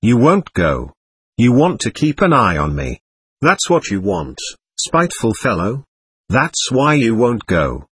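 A man's voice: medium pitch, huge pitch swings, unhurried, breathy edge, no echo, full character voice. A man reading the part of a drunken, lecherous old man who rambles and needles his sons. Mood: quarrelsome. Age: older.

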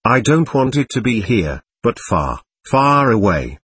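A man voicing a passionate young woman, husky and pleading. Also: medium pitch, sing-song, a little slow, a bit bright, dry recording, heavily acted. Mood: imploring. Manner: pleading, emotional delivery. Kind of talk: audiobook narration.

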